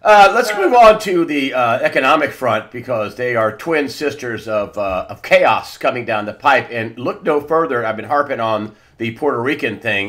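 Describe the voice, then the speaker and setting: A man hosting an interview, talking in a halting way with many restarts and confirming questions. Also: mid-range voice, fairly bright tone. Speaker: interview host.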